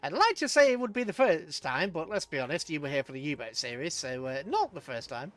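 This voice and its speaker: A man's voice: on the high side, big pitch swings, brisk, a bit bright, soft background music. Chatty man streaming a game. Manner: chatty, chuckling, talks to chat. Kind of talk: live gameplay commentary.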